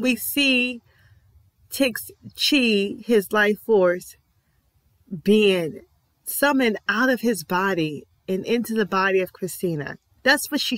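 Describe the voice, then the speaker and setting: A TV reaction vlogger with a medium-pitched voice delivers earnest, emphatic commentary on an episode. She's emotional, repeating affirmations with feeling, and the recording has no room sound.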